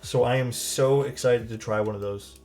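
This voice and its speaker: A man's voice: mid-range voice, fairly even intonation, normal speed, a little mellow, faint music behind. A young man chatting loosely with viewers while building a keyboard on a live stream, rambling and swearing casually.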